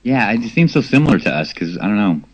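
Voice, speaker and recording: A man's voice: fairly low pitch, sing-song, fast, no room sound, lo-fi sound. An American man co-hosting a casual online radio show, teasing and playful. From United States. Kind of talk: casual banter.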